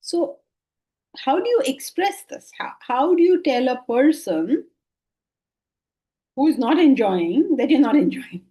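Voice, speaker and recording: A woman's voice: sits high, expressive, slow, long pauses, dark tone. A middle-aged woman, giving a spiritual discourse to a class, speaking conversationally and acting out people's replies. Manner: conversational, acts out quoted replies, laughs often. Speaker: Vedanta teacher. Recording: dull lo-fi class recording.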